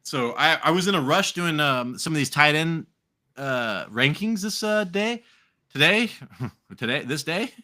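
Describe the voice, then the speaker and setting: An American man co-hosting a live fantasy football stream, his voice bright and sharp and swinging up and down with energy. He rambles, restarts and swears freely, talking casually with a drink in hand. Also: fairly high pitch, a little slow. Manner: profane, rambling, animated. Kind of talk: casual live podcast chat.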